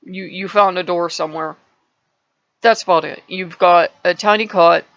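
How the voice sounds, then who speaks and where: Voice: mid-range voice, fairly even intonation, moderate pace, a bit bright, no echo, lo-fi sound. A channel host telling a parable in a casual vlog, rambling and restarting words often.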